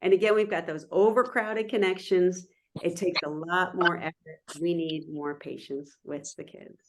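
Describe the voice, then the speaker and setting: A middle-aged woman giving a lively, interactive online lecture over a video call, often checking in with her listeners. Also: fairly low pitch, moderate pace, background noise. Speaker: guest presenter.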